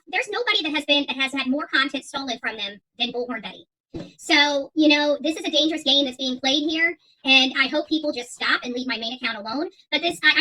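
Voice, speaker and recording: A woman's voice: high-pitched, pushed and bright, poor audio. A woman hosting her own channel, talking straight to viewers in a heated, defiant monologue, with many fillers and repeated words. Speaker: YouTube channel host.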